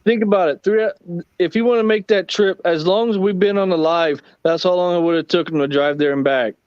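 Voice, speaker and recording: Brief: slightly high-pitched man, easygoing and profane, chatting on a livestream; dull, dry close-mic sound. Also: fairly even intonation, a little fast, a little mellow, clear, resonant tone, dry recording. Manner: laid-back, profane storytelling. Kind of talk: casual late-night livestream chat.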